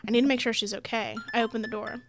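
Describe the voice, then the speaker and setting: A woman's voice: a little high, steady tone, very fast, a bit bright, soft background music. A young woman playing a dating game, chatting casually, reading the story aloud and laughing often. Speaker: let's play gamer.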